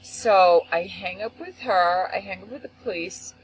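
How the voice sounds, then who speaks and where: A woman hosts a faith talk show and tells a story with lively, expressive delivery. Her voice is middle-pitched, with faint noise behind it. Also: moderate pace, rough recording. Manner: expressive, acts out quotes with big pitch swings. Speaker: host. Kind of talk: animated storytelling.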